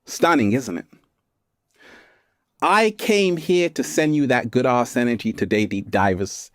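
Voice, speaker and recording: A man from England talking casually to camera from an art gallery, playful and animated, stretching out his words. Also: medium pitch, dry recording, clean studio sound. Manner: animated, playful, slow drawn-out phrases, fond addresses to viewers. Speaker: vlogger and self-help speaker. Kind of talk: casual spiritual talk to camera.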